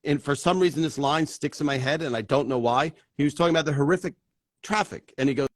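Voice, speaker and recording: Male host, casual interview, slightly high voice, dry close sound. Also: fast talker, no echo. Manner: chatty, digressive, laughs often.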